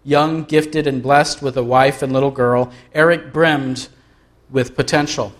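A man preaching a sermon as pastor, reading aloud from a book and slowing down to stress key words. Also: mid-range voice, steady tone. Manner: earnest, slows down for emphasis.

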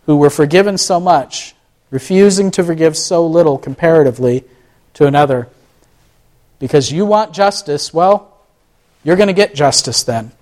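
A man's voice: on the high side, a little mellow. A man giving a conversational sermon, asking the listeners rhetorical questions and often restarting his phrases. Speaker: pastor.

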